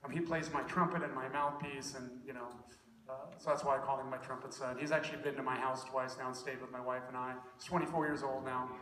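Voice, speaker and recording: A man's voice: medium pitch, fairly even intonation, fast talker, bright, forceful tone. Middle-aged guy joking around on stage, rambly, big long hall echo, noisy. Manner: joking, rambling, self-correcting. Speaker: guest trumpet soloist. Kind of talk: onstage banter at a concert. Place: school concert hall stage. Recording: echoey hall, taped from far off.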